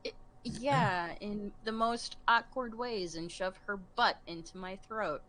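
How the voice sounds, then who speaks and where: A woman's voice: mid-range voice, slow, a bit bright, low-quality recording. A woman in casual chat, making short, dry remarks.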